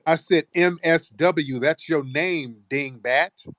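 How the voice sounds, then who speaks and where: A man's voice: fairly high pitch, slow, fairly bright tone, no echo. Blunt, combative male radio host. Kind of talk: heated live call-in show.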